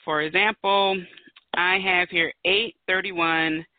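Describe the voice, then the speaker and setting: A woman's voice: lowish voice, steady tone, takes it slowly, dry recording. A woman in her thirties hosting a solo podcast, talking in a chatty, emphatic way and pressing her points home. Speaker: podcast host. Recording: tinny phone-like dry audio.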